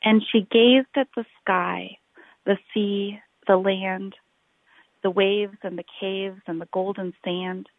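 Woman reading a rhyming picture book, slow and rhythmic, dry tinny sound. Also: mid-range voice, no room sound. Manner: expressive, rhythmic read-aloud with drawn-out phrases. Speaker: storyteller. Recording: tinny phone-like recording.

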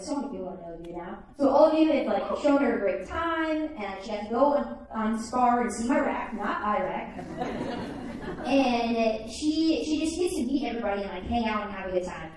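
A woman's voice: on the high side, darkish tone. A woman in her twenties telling a personal story live, chatty and full of "like". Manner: chatty, peppered with "like". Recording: echoey room heard from a distance.

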